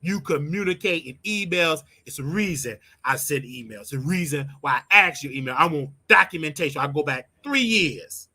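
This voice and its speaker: Blunt high-voiced man ranting advice. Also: lively intonation, moderate pace, hardly any pauses, sharp tone, husky. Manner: blunt, preachy, repeats his points for emphasis. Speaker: show host. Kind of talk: casual advice rant.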